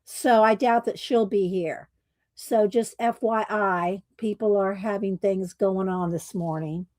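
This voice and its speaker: A woman, hosting a casual livestream, chatting slowly with viewers and laughing often, her voice a little croaky. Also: mid-range voice, fairly even intonation, a little mellow, no room sound. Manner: slow, chatty, laughs often, Southern "y'all". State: slightly croaky voice. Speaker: livestream host.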